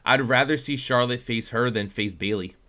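A man talking in a casual chat with a co-host. His voice sits at an ordinary pitch, and he keeps up a stream of playful, teasing talk. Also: normal speed, pushed and bright. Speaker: podcast co-host.

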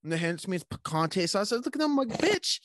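A man's voice: high-pitched, sing-song, rapid-fire, dry recording, clean studio sound. A young man chatting casually on a podcast from a room at home, laughing often and swearing in slangy talk. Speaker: podcast co-host. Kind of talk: casual profane chat.

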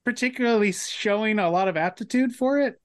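Male podcast co-host, fairly high voice, dry close sound, halting chatty delivery. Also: no echo. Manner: rambling, halting, many restarts and fillers. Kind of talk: casual film podcast chat.

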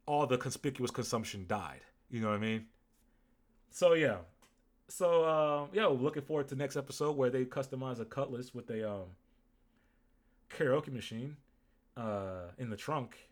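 Man, podcast co-host, casual chat, rambling, jokey, mid-pitched. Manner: rambling, jokey, with many fillers. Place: lives in Dallas.

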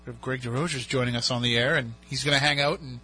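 A man's voice: mid-range voice, fairly even intonation, fast, pushed and bright, breathy edge. A man with a South Coast Massachusetts accent hosting a talk radio show in a studio, chatty and upbeat. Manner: chatty, upbeat, reads phone numbers in clusters.

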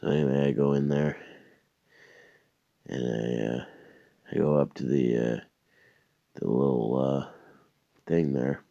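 Very deep gravelly-voiced man ranting. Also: fairly even intonation, measured pace, pauses often, mellow, no echo. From Canada. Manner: profane, rambling, stammering restarts. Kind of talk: comedic storytelling rant. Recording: dull lo-fi dry recording.

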